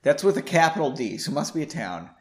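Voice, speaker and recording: A man's voice: fairly high pitch, sing-song, brisk. A man reading a story aloud and breaking off into sarcastic, laughing commentary. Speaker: reader.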